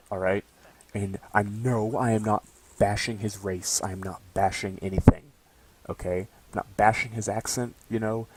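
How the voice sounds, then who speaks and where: A man's voice: fairly low pitch, noisy background. A young man in college ranting casually to camera, swearing often and tagging his lines with "okay?". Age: young adult. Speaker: college student vlogger.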